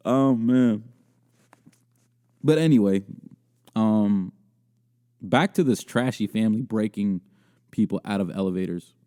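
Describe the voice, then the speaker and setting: A man's voice: fairly low pitch, mellow. A young man hosting a podcast, telling a crude story and riffing on a video in a rambling, self-mocking way with frequent laughter. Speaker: podcast host. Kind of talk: casual comedic storytelling and video commentary.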